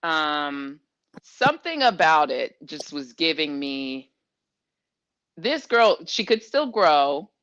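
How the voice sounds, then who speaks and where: Woman co-host, lowish voice, relaxed, joking, dull lo-fi sound. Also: slow. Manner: relaxed, joking, thinks aloud. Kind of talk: casual sports chat.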